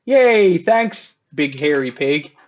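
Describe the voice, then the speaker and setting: A man hosting a casual film review podcast, talking in an animated way. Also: a little high, slow pace. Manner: animated, acts out scenes. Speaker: podcast host.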